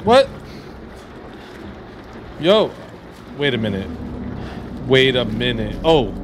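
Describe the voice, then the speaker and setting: A man playing a horror game and commentating, excitable and swearing. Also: medium pitch, slow, background noise. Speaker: gaming streamer. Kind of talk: let's play commentary.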